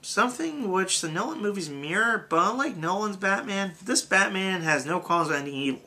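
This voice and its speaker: A man's voice: high-pitched, lively intonation, brisk, pushed and bright. A young man reading a comedic movie review script aloud, swearing freely and restarting lines when he stumbles. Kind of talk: amateur comedic review narration.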